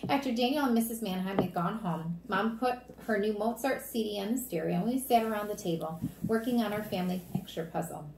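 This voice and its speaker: A woman narrating a children's storybook aloud in a steady, plain manner. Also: medium pitch, a little fast, hardly any pauses, noisy background. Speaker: reader. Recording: roomy echo.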